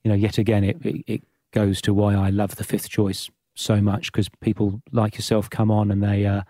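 Soft-spoken male podcast host. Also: fairly low pitch, monotone, moderate pace, no echo, clean studio sound. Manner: moved, stammering, gentle. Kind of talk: podcast interview.

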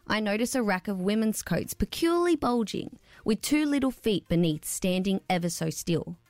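Aussie woman reading her story, lowish voice, dry studio, faint music under. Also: no room sound. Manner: careful, expressive reading. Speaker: producer.

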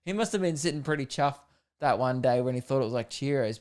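An Australian man talks through his solo podcast in a loose, rambling, jokey way, full of fillers. His voice is smooth and clear, sitting at an ordinary middle pitch. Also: fairly quick, darkish tone. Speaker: podcast host. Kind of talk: casual solo podcast chat.

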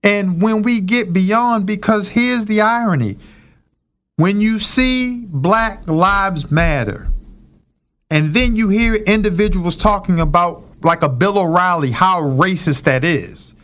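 A man's voice: high voice, slow pace, a bit bright. A man hosting a casual discussion, earnest and preacherly, building his points with rhetorical questions.

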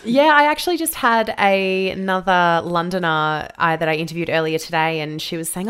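A woman's voice: on the low side, normal speed, hardly any pauses, fairly bright tone, clear, resonant tone. A woman hosting a podcast, introducing her guest and chatting in an upbeat way. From Australia. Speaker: podcast host. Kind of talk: podcast interview.

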